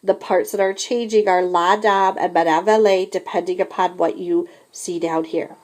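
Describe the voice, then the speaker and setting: A woman teaching a beginner French lesson, slowly modeling each phrase for students to repeat. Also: lowish voice, steady tone, darkish tone. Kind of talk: classroom language lesson.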